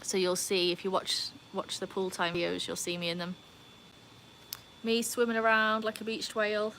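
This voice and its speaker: In a level, fairly bright mid-range voice at a moderate pace, a woman hosts a livestream beside her home swimming pool, reading viewers' comments and squealing cheers. A little hiss or hum runs under the audio.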